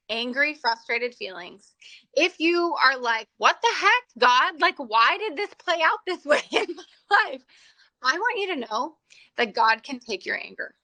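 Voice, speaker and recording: A woman's voice: high-pitched, pushed and bright, dry recording, low-quality recording. A middle-aged woman teaching a spiritual class for women, speaking candidly and with animation, and often laughing at herself. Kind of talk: faith-based class talk.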